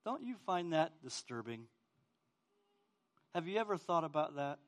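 Guy preaching a sermon, kinda high voice, earnest, keeps asking the crowd stuff. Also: very animated, a little slow, fairly bright tone. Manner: earnest, asks the congregation direct questions. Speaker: pastor. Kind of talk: sermon with scripture reading.

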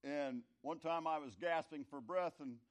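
A middle-aged or older man telling a folksy, rambling story in a conversational sermon, his loudness rising and falling. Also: on the high side, measured pace. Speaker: speaker telling a story to an audience.

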